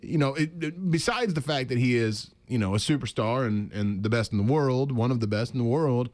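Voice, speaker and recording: A man's voice: medium pitch, fairly quick, darkish tone. A man hosting a sports radio show, playfully prodding his guest for stories. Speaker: radio host. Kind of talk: casual sports radio chat. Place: radio studio.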